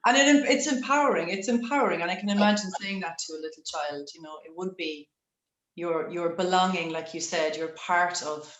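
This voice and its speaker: A woman's voice: on the low side, a little fast. Enthusiastic woman in an echoey room. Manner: enthusiastic, animated. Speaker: workshop participant.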